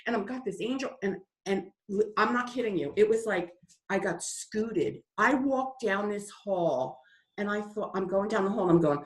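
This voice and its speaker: A woman guest telling stories in an interview, lively and dramatic, acting out the voices in her story. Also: mid-range voice, normal speed, reverberant. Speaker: guest author.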